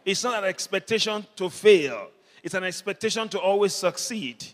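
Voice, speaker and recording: A man preaching a sermon as pastor, leading the congregation in call-and-response and building up to shouts. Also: high voice, expressive, moderate pace. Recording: long hall reverb.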